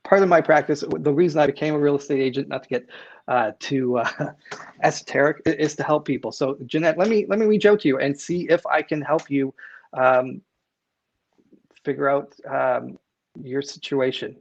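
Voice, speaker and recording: A man from Canada who hosts a real estate live stream, earnest and halting, with many fillers and restarts as he signs off. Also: fairly high pitch, vocal fry, dull audio. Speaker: real estate agent and show host.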